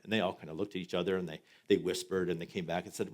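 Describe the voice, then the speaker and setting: Pastor, male, very low voice, earnest and halting, for a sermon close. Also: fairly even intonation, a little hiss or hum. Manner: earnest, halting prayer with repeated words. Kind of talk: sermon and closing prayer, then a told joke.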